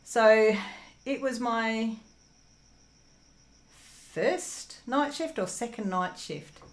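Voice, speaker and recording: A woman's voice: fairly high pitch, lively intonation, very slow, reverberant. A young Australian woman casually chatting through viewer comments while crafting at home, rambling with lots of ums and laughs. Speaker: crafting channel host. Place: home room while diamond painting.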